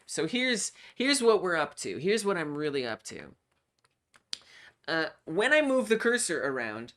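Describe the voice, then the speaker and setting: A game developer on a live coding stream, thinking aloud while debugging, excitable and self-talking. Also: medium pitch.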